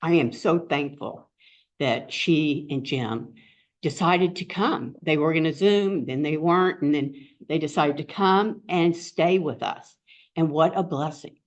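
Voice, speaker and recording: A woman's voice: deep voice, measured pace. Rambling heartfelt woman host, dull recording. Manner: rambling, heartfelt, many fillers. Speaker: meeting host and co-founder. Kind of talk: casual introduction at a group meeting. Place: meeting room with an audience.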